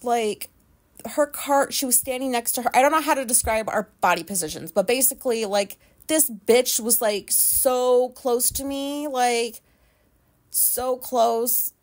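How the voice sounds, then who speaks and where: A woman hosting a solo podcast, telling a rambling, profane story in an animated way. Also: fairly high pitch, measured pace. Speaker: podcast host.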